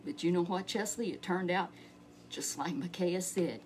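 A woman's voice: fairly low pitch, moderate pace, a little mellow, slight background noise. A woman telling a Bible story to a child in a chatty way, repeating words and asking questions.

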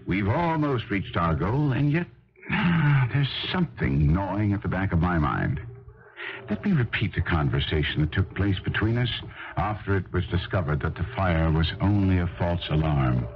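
A sharp, self-assured detective in a vintage radio drama, with a very low voice. His delivery is crisp and measured. The sound is dull and muffled, as on an old broadcast. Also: expressive. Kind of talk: 1970s radio drama acting.

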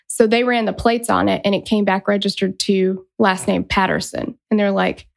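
True crime podcast lady, casual chatty storytelling, mid-pitched voice. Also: level tone, moderate pace, gravelly. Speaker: podcast host.

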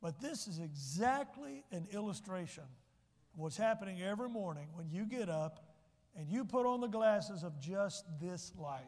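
A man's voice: sits high, expressive, normal speed, a little mellow, long reverb tail. A man preaching a sermon as pastor, telling personal stories and building to emphatic lines. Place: church sanctuary.

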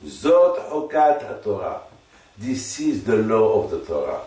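Religious teacher, male, low voice, halting and repetitive delivery, heard from a distance. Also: warm tone. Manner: halting, repeats phrases for emphasis. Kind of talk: informal Torah teaching to a listener. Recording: echoey room, distant mic.

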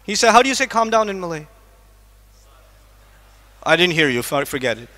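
A man from the United States, probably middle-aged, giving an animated religious lecture to a live audience, asking it questions and quickly reciting Arabic verses. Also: high voice. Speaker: Islamic lecturer. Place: large lecture hall. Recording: long hall reverb.

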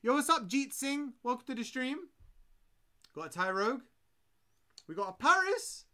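An excitable young man commenting live as he opens card packs. His voice is bright and sharp, with pitch that jumps all over the place. He talks in slang and bursts into loud shouts. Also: normal speed. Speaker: streamer. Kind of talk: live-stream pack-opening commentary.

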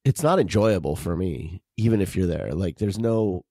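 A man's voice: sits low, lively intonation, normal speed, mellow, no echo, studio quality. A man co-hosting a podcast in casual chat, rambling and hesitant with many restarts. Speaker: podcast co-host.

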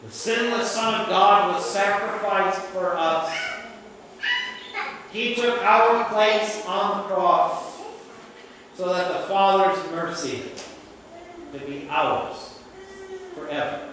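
A male pastor giving a sermon, preaching slowly and emphatically with dramatic pauses. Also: sits high, noisy background. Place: church sanctuary. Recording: distant mic in a reverberant church.

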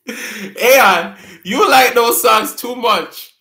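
A man with a Jamaican accent hosting a live-stream trivia chat, repeating words slowly and laughing often with viewers. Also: very high voice, gravelly, bright, forceful tone, reverberant. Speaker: host.

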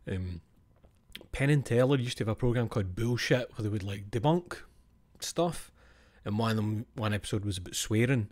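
A Scottish man chats casually with viewers on his stream, blunt and freely profane, with chuckling asides as he reads the live chat. His voice is fairly low, a little mellow, at normal speed.

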